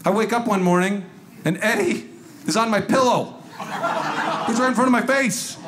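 A man doing stand-up comedy on stage, acting out scenes with lively, exasperated energy. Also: high-pitched, moderate pace. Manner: animated, acts out scenes. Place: comedy stage before a live audience. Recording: loud crowd and room noise. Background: audience laughter.

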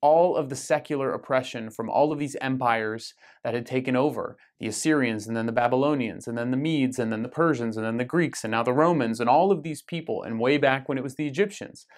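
A man's voice: medium pitch, a little fast, few pauses. An American man leading a weekly parish Bible study, explaining scripture in a conversational way with frequent ums and self-corrections. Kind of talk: casual Bible study teaching.

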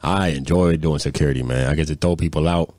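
Very deep-voiced man telling rapid stories. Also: darkish tone, no room sound, studio quality. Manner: profane, rambling anecdotes with repeated fillers. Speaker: podcast co-host. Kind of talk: casual storytelling chat.

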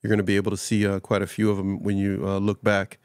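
Laid back guy hosting, gravelly voice, pretty flat delivery. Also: lowish voice, fast, no room sound, studio quality. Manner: laid-back, calls the guest "man". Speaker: host. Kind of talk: casual interview chat.

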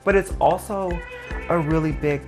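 A woman's voice: deep voice, moderate pace. A woman in an interview telling a candid personal story, speaking plainly with lots of filler words. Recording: music bed underneath.

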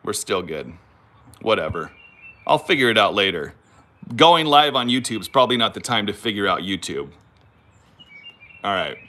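A man's voice: fairly low pitch, big pitch swings, normal speed, long pauses, bright, forceful tone. A man in his thirties with a Californian accent, hosting a casual, rambling livestream from home on a phone and reading viewer comments with self-mocking humor. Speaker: channel host. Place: home, moves about the property.

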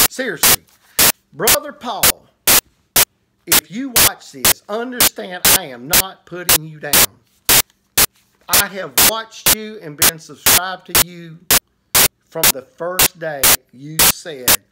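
Slow-speaking evangelist. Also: male voice, sits high, animated. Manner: earnest, drawn-out preaching with repetitions. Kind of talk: preaching to camera. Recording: heavy static hiss.

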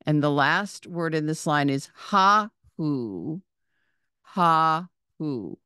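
A woman gives a very patient reading lesson, sounding out each word, naming its letters, and repeating it. Her low, smooth voice moves very slowly yet stays expressive with a sharp tone. The recording is dry and close, with no room sound.

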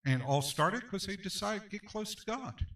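A man's voice: high voice, expressive, normal speed, a bit bright, recorded from a distance, rough recording. A male pastor teaching a Sunday school class, emphatic and repetitive, often asking for an amen. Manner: emphatic, repeats phrases, calls for amens.

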